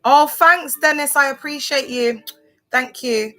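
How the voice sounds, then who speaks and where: Bright-voiced chatty woman. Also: high voice, measured pace. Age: 30s. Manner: chatty and rambling, full of fillers, talks straight to viewers. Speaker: livestream host. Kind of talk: casual livestream chat. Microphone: phone camera on a social media livestream.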